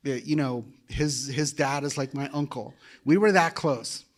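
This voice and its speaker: A man's voice: medium pitch, unhurried. A man, telling his conversion story in a sermon, emotional and conversational. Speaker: guest preacher. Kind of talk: personal testimony sermon.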